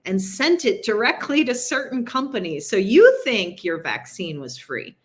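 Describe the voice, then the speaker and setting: A woman's voice: on the high side, sing-song. A woman from New York City, a city council candidate, talking casually in an interview with frequent asides and laughs. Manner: chatty, quick asides, laughs at her own points.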